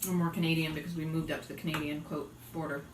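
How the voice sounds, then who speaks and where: A woman's voice: deep voice, level tone, quick pace. A talkative woman with a light Boston accent chats to her viewers while she cooks. She sounds a little distant from the mic in an echoey room, with faint background noise. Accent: slight Boston. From Boston area. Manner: chatty, giggly, talks to viewers. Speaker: vlogger and yoga teacher. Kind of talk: casual cooking chat.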